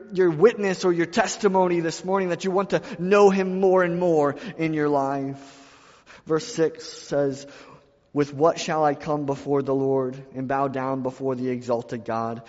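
A man preaching to his congregation in a slightly higher voice, his repeated phrases rising in emphasis. His voice rings with a long hall reverb. The sound is dull and muffled. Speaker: pastor. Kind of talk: sermon.

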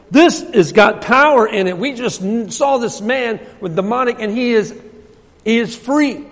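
High-voiced preacher man in a reverberant church. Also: moderate pace. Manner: preachy, repeats phrases, swings between loud and hushed. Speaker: pastor. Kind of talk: sermon. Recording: long hall reverb.

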